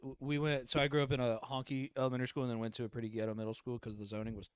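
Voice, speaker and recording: A man telling a school story on a comedy podcast, excitably acting out voices. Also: medium pitch, racing, clean tone, dry recording. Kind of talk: casual comedy podcast chat.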